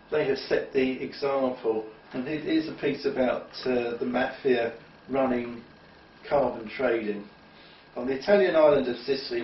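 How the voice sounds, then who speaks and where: A man's voice: mid-range voice, a little hiss or hum. A man giving an opinionated, rambling monologue with emphatic restarts. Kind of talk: monologue talk. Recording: roomy, distant, dull lo-fi.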